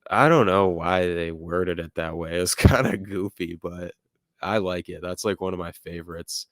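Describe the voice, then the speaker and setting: A young man with a deep, low voice hosts a casual livestream from a home room with music playing nearby, reading viewer comments and rambling with lots of "like" and "uh" while laughing at chat. His intonation is fairly even and his pace normal. The recording is dry and close, with little to no room sound.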